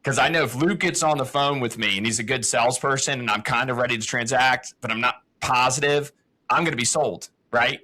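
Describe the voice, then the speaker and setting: Bright-voiced encouraging man. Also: mid-range voice, a little fast, poor audio. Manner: encouraging, explains with "it's like" and "uh" fillers. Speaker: podcast co-host. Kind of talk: encouraging coaching chat.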